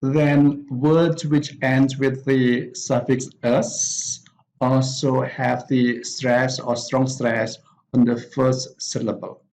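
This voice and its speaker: A man teaching an English pronunciation lesson, reading out example words one by one with pauses between them. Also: medium pitch, flat delivery, creaky, darkish tone, slight background noise, poor audio. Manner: deliberate, pausing after each example word. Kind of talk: slow spoken lesson reading word lists.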